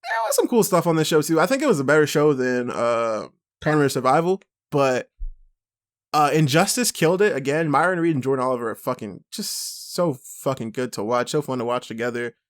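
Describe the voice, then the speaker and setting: A young man co-hosting a podcast, chatting excitably, laughing often and swearing a lot. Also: medium pitch, fairly quick. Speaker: podcast co-host. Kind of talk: casual chat.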